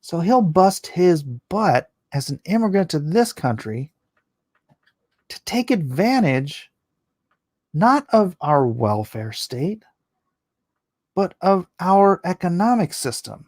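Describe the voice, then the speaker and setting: Hoarse male streamer, slow and rambling, dry close sound, casual opinion chat. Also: high-pitched, sing-song, a little mellow, no echo. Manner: rambling, opinionated, restarts often. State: voice going hoarse. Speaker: livestream host reading chat. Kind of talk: casual late-night livestream chat.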